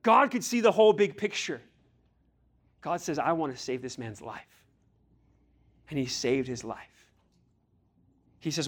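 Pausing often and speaking a bit slowly, a pastor with a fairly high voice addresses his youth group. His sermon is earnest and direct, full of blunt questions, with occasional acted-out voices from scripture.

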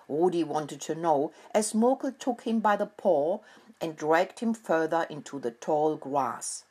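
A middle-aged woman telling a children's story in a gentle, unhurried way. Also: deep voice, lively intonation, slightly rough.

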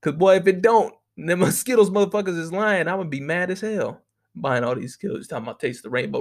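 Young man, casual vlog rambler, cusses constantly, slightly high voice. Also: a little fast. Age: young adult. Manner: profane, rambling, laughs often. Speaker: vlogger.

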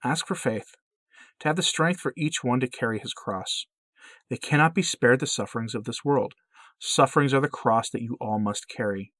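Man reading the part of a patient motherly holy lady, calm exhortations, dry close sound. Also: mid-range voice, normal speed, no echo, lightly acted. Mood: gently pleading. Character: gentle motherly heavenly woman, patient.

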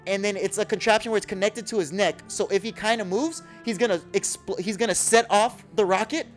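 Fast-talking man recapping anime, profane. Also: faint music behind. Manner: profane, acts out character lines in a low voice. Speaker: podcast co-host. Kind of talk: excited anime episode recap.

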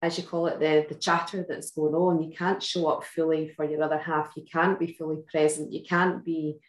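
Low-voiced Scottish woman co-host. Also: little pitch movement, moderate pace, roomy sound, low-quality recording. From Scotland. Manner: supportive, reflective. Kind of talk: casual chat.

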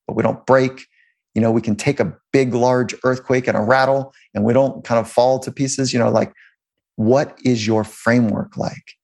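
A sports psychologist tells stories during an interview, rambling loosely, often restarting his sentences and chuckling. His voice is mid-range and a little mellow.

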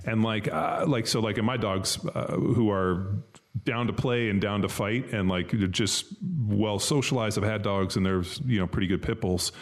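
Man, very low voice, loose profane podcast talker. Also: moderate pace. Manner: rambling, swears a lot, many fillers. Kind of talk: casual chat.

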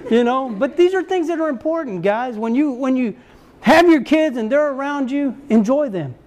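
Higher-voiced preacher man. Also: animated, moderate pace, darkish tone. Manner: folksy storytelling, exhorting and repetitive. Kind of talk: sermon.

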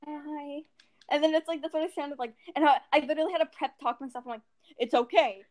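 A woman's voice: high-pitched, very fast, darkish tone. A teenage girl co-hosting a podcast, chatting casually, giggly and rambling, stumbling over her words. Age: teens. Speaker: podcast co-host. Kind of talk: casual chat.

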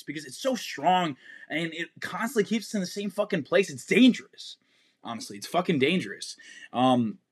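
A man's voice: a little high, a bit bright, husky. A young man hosting a fitness podcast, giving an intense motivational monologue full of swearing and repetition.

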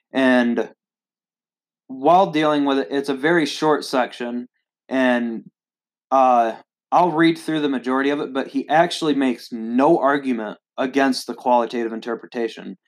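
A man hosting his own video, critiquing an article, hesitant with many fillers and restarts, and reading long quoted passages aloud. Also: mid-range voice. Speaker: video host.

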